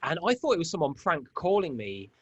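An English man chatting casually as a guest, a lively storyteller who slips into comic voices. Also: a little high, brisk, husky, no echo, lo-fi sound. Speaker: DJ and producer guest. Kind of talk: casual podcast chat.

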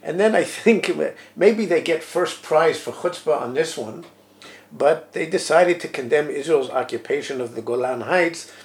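A man co-hosting a policy podcast, giving a measured analysis full of fillers and self-corrections. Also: fairly high pitch, lively intonation. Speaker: podcast co-host, former deputy national security advisor. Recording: roomy echo.

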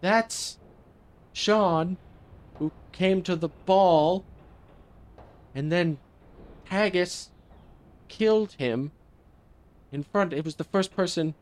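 A man voicing a fierce, sarcastic young noblewoman at the tabletop, in a high, indignant voice. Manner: high, shrill, rapid and indignant.

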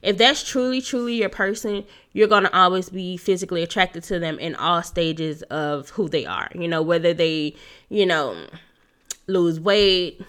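A woman's voice: on the low side, moderate pace, a bit bright, clean tone. A young woman hosting a casual solo talk on dating, chatty and laughing often, her nose stuffed up. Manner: chatty, laughs often, says "you know" a lot. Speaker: podcast host giving dating advice.

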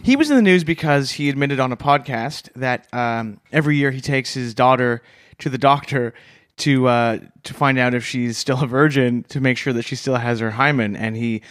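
A man's voice: mid-range voice, normal speed, a bit bright, dry recording, studio quality. A man co-hosting a comedy podcast, telling absurd stories with a straight face. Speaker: podcast co-host.

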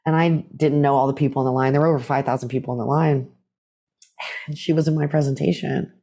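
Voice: mid-range voice, fast. A guest in a casual interview, telling stories animatedly and acting out the voices of others. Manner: animated storyteller who acts out quoted voices.

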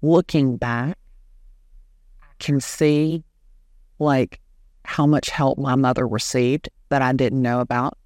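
A middle-aged woman, an animated storyteller who acts out the dialogue she quotes. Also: a bass voice, slow pace, pauses often, no room sound, clean studio sound. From Southern US. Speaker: guest, real estate agent. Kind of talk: storytelling in an interview.

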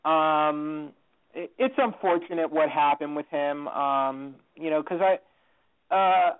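Guest guy rambling on a podcast, lots of restarts, sounds like a phone line. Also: on the high side. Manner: rambling with many restarts and fillers. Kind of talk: casual podcast chat.

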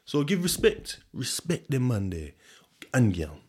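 Man, Sheffield accent, young adult, podcast host, casual rambling, swears a lot, mid pitch. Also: very animated, unhurried, a little mellow. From Sheffield, England. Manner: meandering, swears freely, chuckles often.

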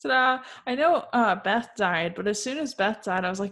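A young woman co-hosting a casual chat, animated and joking, often laughing. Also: mid-range voice, normal speed.

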